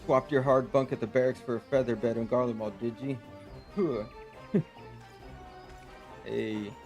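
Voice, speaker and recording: Man playing a gruff old fighter. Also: medium pitch, measured pace, darkish tone, soft background music, natural voice. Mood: defiant. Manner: gruff, dialect speech. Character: gruff, loyal older male fighter. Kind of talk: game cutscene acting.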